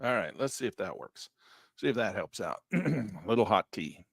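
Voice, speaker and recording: A middle-aged man giving a live trading lesson in a folksy, upbeat way, losing his voice and clearing his throat. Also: fairly low pitch, big pitch swings, moderate pace, a bit bright, no room sound, studio quality. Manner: folksy, upbeat, talks while clicking through charts. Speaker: trading instructor.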